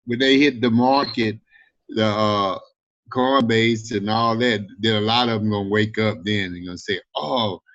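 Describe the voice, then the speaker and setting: A man joins a video call with unhurried, affirming comments. His voice is low. The sound is dry and dull, like lo-fi call audio. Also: steady tone, a bit bright, no room sound. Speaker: meeting participant. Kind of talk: agreeing chat on a video call.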